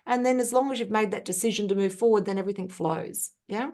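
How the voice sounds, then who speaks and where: A woman's voice: medium pitch, fast talker, warm tone. Earnest woman telling her story. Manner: earnest, thoughtful, with frequent ums and restarts. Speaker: podcast guest. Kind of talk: reflective personal storytelling.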